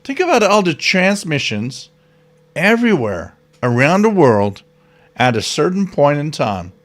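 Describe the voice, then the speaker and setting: Guy hosting a late night radio stream, talks slow and fired up, kinda high voice. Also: big pitch swings. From North America. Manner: enthusiastic, emphatic, chatty. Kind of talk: casual live-stream chat.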